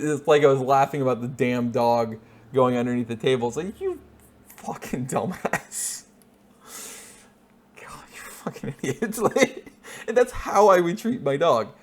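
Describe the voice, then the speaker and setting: Male reaction-video host: rambling, profane, chuckles at his own jokes. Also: mid-range voice. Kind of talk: casual reaction commentary.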